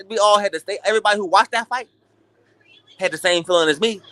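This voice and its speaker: A man with a high, bright voice rants through a late-night boxing talk stream. He swears freely and swings between hype and mockery. The sound is dry and close. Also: dry recording. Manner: animated, profane, ranting. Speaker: boxing talk show host. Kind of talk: casual livestream rant.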